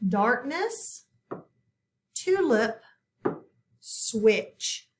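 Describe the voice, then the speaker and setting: A woman's voice: a little high, a little hiss or hum. A woman teaching a phonics lesson, patiently sounding out words and asking her students questions. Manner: encouraging, asks the class questions, repeats words slowly. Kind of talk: slow, patient classroom instruction.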